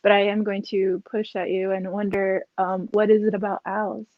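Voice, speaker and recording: A woman hosting an online event, talking in a halting, friendly way with many ums. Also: mid-range voice, little pitch movement, muffled recording. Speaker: host.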